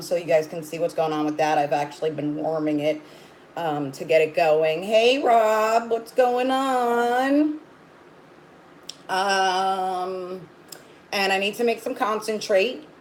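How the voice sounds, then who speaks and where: Slow rambling woman livestreaming. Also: on the low side, darkish tone, a little hiss or hum, poor audio. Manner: rambling, greets viewers by name, coos at her dog. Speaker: livestream host. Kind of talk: casual livestream chat.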